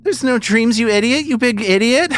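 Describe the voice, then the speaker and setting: A man voicing a frantic, possessed young girl who stammers through shrill, broken outbursts. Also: normal speed, a bit bright. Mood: mocking.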